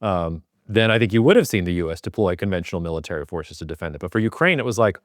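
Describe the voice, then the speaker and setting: A man's voice: low voice, lively intonation, quick pace, no room sound, studio quality. A man co-hosting a podcast who debates casually and stammers on his sentence starts. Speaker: podcast co-host.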